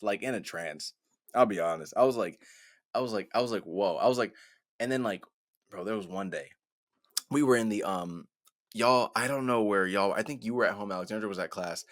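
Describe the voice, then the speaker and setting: A young man in his twenties, co-hosting a podcast and telling a story in casual chat, animated, laughing and repeating "I was like". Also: on the low side, no room sound, studio quality. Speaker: podcast co-host.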